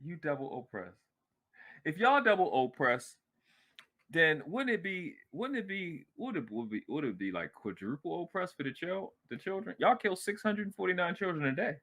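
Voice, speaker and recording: Loud sarcastic dude cussing on a panel, higher voice. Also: male voice, moderate pace. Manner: animated, sarcastic and profane. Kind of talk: heated panel discussion.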